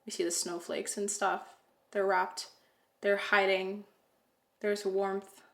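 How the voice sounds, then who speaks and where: A woman giving a casual, rambling tarot reading, often pausing to correct herself. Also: mid-range voice, little pitch movement, creaky, fairly bright tone. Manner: chatty, rambling, self-correcting, with fillers. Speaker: tarot reader. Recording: roomy echo.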